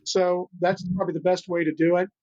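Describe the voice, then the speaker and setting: Older male guest, high-pitched, earnest and rambling; muffled lo-fi audio. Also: level tone, a little fast, mellow. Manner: earnest, rambling, many restarts. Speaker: guest, animal rescuer. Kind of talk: storytelling interview talk. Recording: dull lo-fi sound.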